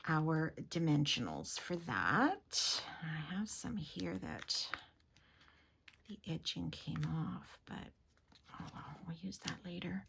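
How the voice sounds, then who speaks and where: A woman's voice: on the low side, slight background noise. A woman giving a chatty, giggly craft tutorial, often dropping to a whisper as she works. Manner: chatty, giggly, drops to a whisper while working. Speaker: papercraft demonstrator.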